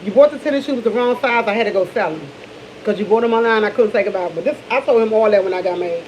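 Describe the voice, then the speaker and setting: A woman's voice: medium pitch, quick pace, darkish tone, highs cut off, a little hiss or hum. Middle-aged D.C. woman chatting candidly. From Washington, D.C. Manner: candid, rambling, with many restarts. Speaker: vlogger. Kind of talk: casual morning chat to camera.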